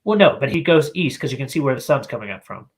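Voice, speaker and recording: A man's voice: medium pitch, lively intonation, fast talker. A man co-hosting a podcast in casual chat, making crude, profane jokes and rambling with fillers. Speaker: podcast co-host.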